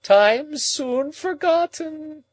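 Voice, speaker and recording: A man's voice: very high-pitched, very animated, takes it slowly, darkish tone, dry recording, pitched above the performer's own voice, exaggerated voice. A man playing a shrieking, anguished old woman. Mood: moaning. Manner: moaning, wailing, overwrought.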